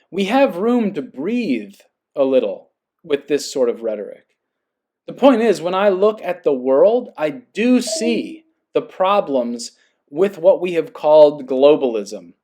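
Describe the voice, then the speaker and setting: A podcast host with a voice pitched a little high for a man. He reads a passage slowly and then reflects earnestly in a monologue, often pausing to check that the listener follows. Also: a little mellow. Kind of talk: reading aloud and reflective monologue.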